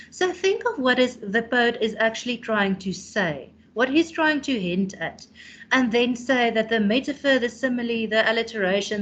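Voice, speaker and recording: A South African woman in her thirties teaching a revision lesson, explaining patiently and calling on students by name. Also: fairly high pitch. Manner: explains patiently, calls on students by name, tags questions with "hey?".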